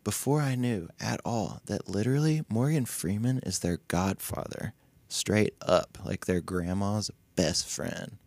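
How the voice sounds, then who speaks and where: Animated man telling a story, deep voice. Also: a little slow, gravelly, dry recording. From Nashville music scene. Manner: animated, acts out voices and laughs often; swears freely. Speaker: podcast guest. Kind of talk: casual storytelling.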